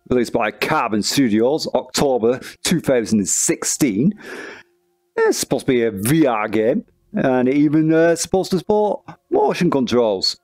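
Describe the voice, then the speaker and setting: Gamer guy, sarcastic, slow dry delivery, game music behind. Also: medium pitch, very animated, no room sound. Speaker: gaming video host. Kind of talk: first-impressions gameplay commentary.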